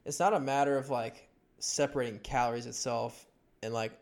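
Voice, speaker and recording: A man's voice: mid-range voice, steady tone, fairly quick. A young man in his twenties co-hosts a podcast in an everyday, mid-range voice. He talks casually and leans on "like" over and over, often restarting his sentences as he goes. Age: 20s. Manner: filler-heavy, says "like" often. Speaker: podcast co-host.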